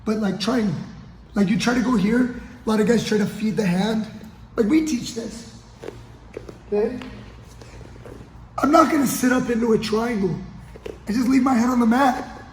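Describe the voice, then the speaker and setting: A man's voice: extremely high pitch, normal speed, pauses often, darkish tone, a little hiss or hum. A man coaching grappling as he demonstrates a technique on the mats, often checking in with his partner as he goes. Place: training gym on the mats. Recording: echoey gym with long reverb.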